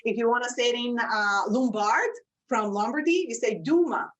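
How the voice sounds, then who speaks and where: A woman from Italy with an Italian accent, a native Italian speaker, chatting as a podcast guest, animated and laughing often. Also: fairly high pitch, moderate pace, far from the mic, lo-fi sound. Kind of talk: casual chat.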